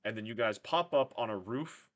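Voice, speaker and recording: A man's voice: on the low side, moderate pace. A man running a tabletop game as game master, joking, self-deprecating and profane. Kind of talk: casual livestream narration of a tabletop game.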